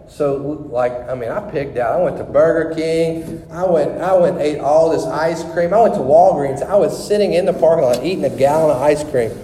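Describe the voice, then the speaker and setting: A middle-aged man giving a sermon testimony in a church hall, telling his story in an animated, rambling way with many restarts. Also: a little high, slight background noise. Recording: echoey hall with long reverb.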